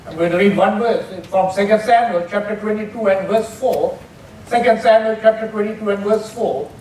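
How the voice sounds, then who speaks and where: A man's voice: sits high, moderate pace, darkish tone. A man preaching a sermon as pastor, emphatic, repeating key phrases and lifting his voice on quoted prayers. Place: church sanctuary. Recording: echoey church hall from far off, some noise.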